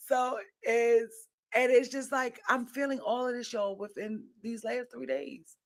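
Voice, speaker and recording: Slow-talking emotional woman podcast host. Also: fairly high pitch, steady tone, gravelly. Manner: emotional, rambling, repeats herself. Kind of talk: candid personal monologue.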